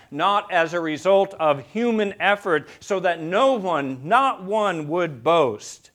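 A fairly high-voiced man preaching a sermon with a lot of dynamic swing. He drops to a hushed, low delivery and then climbs to loud, emphatic peaks, often asking his listeners questions. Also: expressive, a little slow, hardly any pauses. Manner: asks the congregation rhetorical questions. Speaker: pastor.

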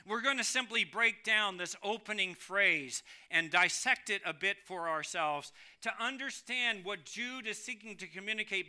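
Guy preaching a sermon, high bright voice, gets loud then drops way down. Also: clean tone. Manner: preaching with emphatic rises and drops in volume. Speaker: pastor.

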